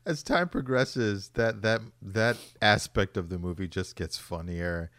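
A man's voice: fairly low pitch, unhurried, fairly bright tone, dry recording, studio quality. A man in casual chat, wry and joking.

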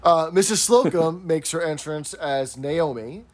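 A man co-hosting a podcast, chatting casually as he recaps a sitcom episode and slips into quick quoted impressions. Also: a little high. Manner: animated, recounts scenes with quick quoted impressions. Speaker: podcast co-host.

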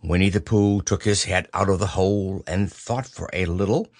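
A man reading a children's book aloud as narrator, in a lively storytelling manner. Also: deep voice, normal speed, no echo, clean studio sound.

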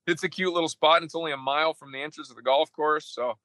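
Bright-voiced man telling a travel story. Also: fairly high pitch, fast talker, no room sound, low-quality recording. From Idaho, USA. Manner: animated storyteller acting out his own texts. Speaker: golf caddie. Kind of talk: casual interview storytelling.

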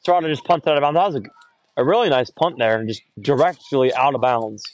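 Recorded on a phone at an outdoor high school football game, this young play-by-play announcer rambles along, fixing his own mistakes and getting excited whenever there's a big run. His delivery is fairly quick.

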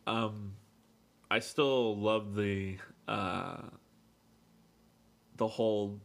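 A man's voice: fairly low pitch, fairly even intonation, drawn-out words, gravelly. A man co-hosting a casual movie podcast, rambling and swearing freely as he talks through the film. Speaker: podcast co-host.

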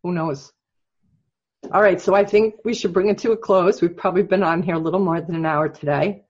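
Soft-spoken, husky podcast host. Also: mid-range voice, fairly even intonation, lo-fi sound. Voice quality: soft-spoken, slow and gentle when guiding. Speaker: podcast host guiding a reflection exercise. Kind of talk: casual chat turning to guided reflection.

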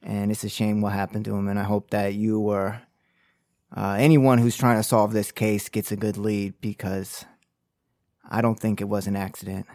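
A man's voice: fairly low pitch, little pitch movement, darkish tone, no room sound, studio quality, natural voice. A man playing a hesitant young alligator derby rider in a tabletop murder mystery game. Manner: halting, hesitant, full of fillers.

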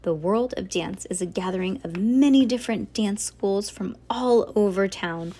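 A woman's voice: medium pitch, normal speed, mellow, close to an everyday voice. A woman reading as a prim ballet teacher. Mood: announcing.

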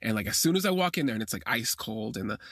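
A man hosting a confessional podcast, telling a personal story with animated bursts when he acts out his reactions, recorded on a phone. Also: quick pace, no room sound, clean studio sound. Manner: animated, jumps high when acting out his own reactions. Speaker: podcast host.

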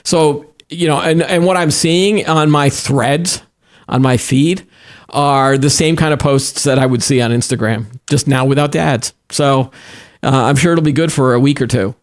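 A man's voice: fairly high pitch, moderate pace. A middle-aged man co-hosting a podcast in casual tech chat, rambling with many restarts and fillers. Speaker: podcast co-host.

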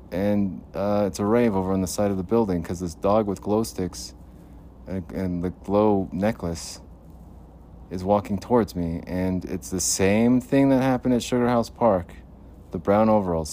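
A man's voice: deep voice, mellow, slight background noise. A man recording a rambling podcast monologue on his phone in an outdoor parking lot at night, muttering and talking to himself in a paranoid way. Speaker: podcast host.

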